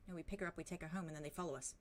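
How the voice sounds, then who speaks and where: A woman voicing a blunt, practical male half-orc in a tabletop game, speaking flatly and matter-of-factly. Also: low-pitched, rapid-fire, lightly acted.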